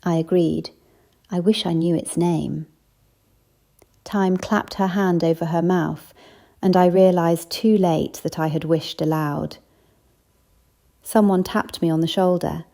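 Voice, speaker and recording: A woman narrating a cozy mystery audiobook, giving the characters small lifts in pitch. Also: fairly even intonation, slow pace, creaky, long pauses, dark tone. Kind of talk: scripted narration.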